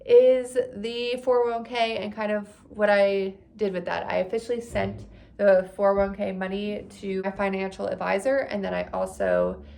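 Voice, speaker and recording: A woman in her thirties chatting casually to her phone camera in a vlog, expressive and talkative. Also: mid-range voice, moderate pace, vocal fry. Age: 30s. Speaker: vlogger.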